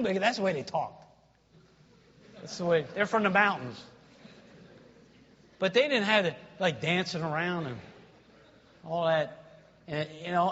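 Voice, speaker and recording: A male preacher delivers a sermon in a high, animated voice that leaps from shouts to hushed asides. His tone is bright and slightly husky. The recording is dull and lo-fi, with a long hall reverb. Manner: animated, swings from loud shouting to low quiet asides.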